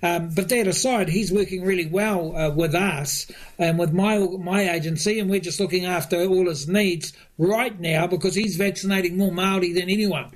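A New man with a notably high voice, answering as a government minister in a radio interview. He stumbles through restarts and fillers, often breaking into chuckles. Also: normal speed.

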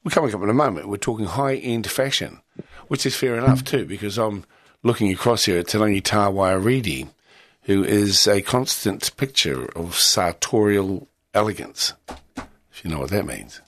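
A New Zealand man hosts a radio show from a studio, his low voice dry and close. He asks his questions in a measured way, with the odd um and uh. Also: a bit bright, dry recording. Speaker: radio host. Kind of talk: radio interview and links.

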